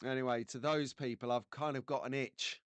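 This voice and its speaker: A man's voice: mid-range voice, steady tone, fairly quick, fairly bright tone, smooth, no echo. A man from England hosting a casual live stream, chatty and jokey, greeting viewers by name.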